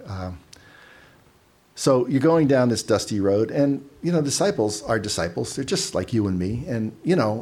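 A man's voice: medium pitch, animated, moderate pace, a little mellow, slightly rough. A man giving a casual, conversational sermon, telling stories with asides and repeating words as he goes. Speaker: preacher.

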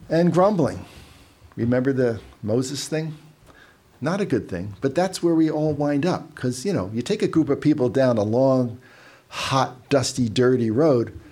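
A man's voice: mid-range voice, animated, unhurried, long pauses, darkish tone, husky. A man giving a casual, conversational sermon, telling stories with asides and repeating words as he goes. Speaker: preacher.

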